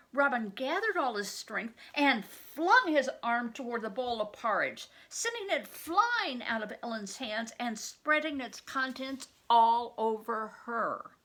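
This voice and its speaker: A woman's voice: high-pitched, animated, a little slow, few pauses, a bit bright. An older woman, a retired reading teacher, reading a storybook aloud and patiently stopping to explain words to children.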